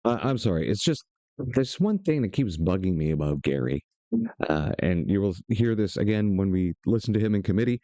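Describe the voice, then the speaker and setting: Man, streamer commentary, rambling and sarcastic, very animated pitch, dry close sound. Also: a little fast, no room sound. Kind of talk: stream-of-consciousness political commentary.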